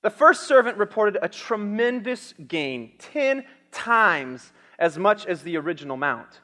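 High-voiced preacher in a reverberant hall. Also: male voice, unhurried. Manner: animated, acts out the king's lines with shouts. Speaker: pastor. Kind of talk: sermon.

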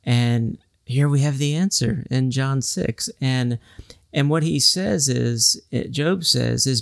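Male podcast co-host, gravelly voice, dry close sound, unpacks scripture at length. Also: medium pitch, slow pace, no room sound. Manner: explanatory, quotes scripture at length. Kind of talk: casual Bible study discussion.

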